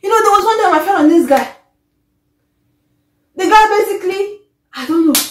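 High-voiced woman ranting. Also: normal speed. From Africa. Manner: animated and exasperated, often trailing off. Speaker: vlogger. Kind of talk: opinion rant to camera. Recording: echoey room.

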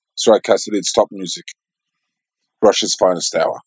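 A man with a very low, husky voice gives flat, deadpan asides. The recording is close and dry, with no room sound. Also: moderate pace, dry recording. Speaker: puppeteer and comedy host.

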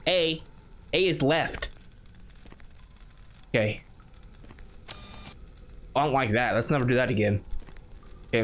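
A man's voice: mid-range voice, a bit bright. A man on a YouTube channel giving nervous, chatty running commentary while playing a horror game. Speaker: YouTube gamer.

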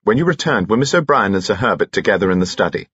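A man voicing a calm, formal police inspector who questions in a quiet, matter-of-fact way in an audiobook. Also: fairly low pitch, fast talker, slightly rough, no room sound, dull audio.

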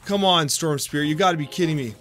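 A man giving casual, excitable commentary over his own game, often mocking himself and groaning at bad plays. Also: fairly high pitch, fast, soft background music. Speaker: gameplay commentator.

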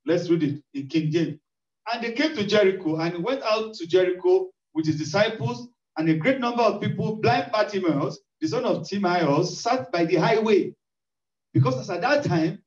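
A man delivers a sermon in a strikingly high voice, leaning on repetition and rising cries for emphasis. He sounds distant from the mic in an echoey church hall. The recording is muffled and lo-fi. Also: a little mellow. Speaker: preacher.

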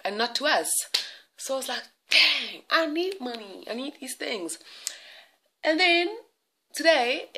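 A woman's voice: lowish voice, a bit bright. Chatty young South African woman vlogger. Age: young adult. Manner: chatty, dramatic, self-mocking. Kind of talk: casual vlog chat.

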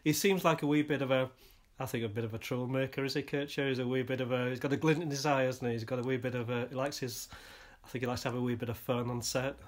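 A man's voice: mid-range voice, steady tone, fast talker. A man hosting a podcast, asking long, rambling questions in a self-deprecating, chatty way. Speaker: podcast host. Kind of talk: casual conversational interview.

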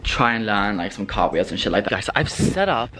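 Excitable sassy young British man. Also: fairly low pitch, a little fast. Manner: excitable, dramatic and sassy, swears freely. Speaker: vlogger. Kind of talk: casual vlog chat. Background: background music.

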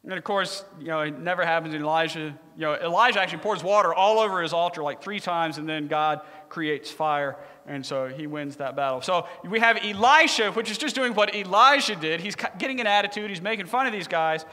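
A man's voice: fairly high pitch, fairly quick, few pauses, pushed and bright. A man preaching a sermon in a joking, conversational way, telling stories in a large church hall. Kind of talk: humorous sermon storytelling.

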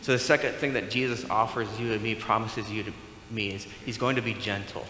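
A man's voice: lowish voice, steady tone, a little fast, bright, forceful tone, slight background noise. Conversational man preaching in an echoey hall. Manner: conversational, asks the congregation questions. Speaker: pastor. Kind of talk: sermon. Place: church sanctuary.

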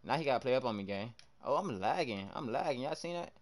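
A man's voice: medium pitch, fast talker. A young man streaming a basketball video game live, chatting to viewers and trash-talking his opponents as he reacts to each play. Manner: animated trash talk, reacting loudly to plays. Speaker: livestreamer. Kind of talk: live gameplay commentary.

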